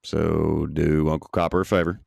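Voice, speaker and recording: Deep-voiced, brash male podcaster. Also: little pitch movement, moderate pace, creaky, a little mellow, no echo, clean studio sound. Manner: brash, emphatic, profane. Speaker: podcast co-host. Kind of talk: casual podcast chat.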